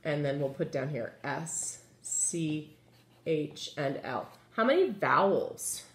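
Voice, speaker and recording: In an echoey room, a woman runs a phonics lesson for kids, quizzing the class as she writes on the board and staying patient and supportive. She has a low, animated voice and takes her time.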